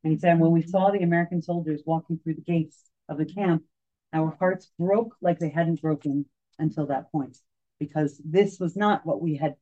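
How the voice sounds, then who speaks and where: A woman telling a story to a group, halting and full of fillers and restarts, as a tour guide. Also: sits low, dark tone. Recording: dull lo-fi recording.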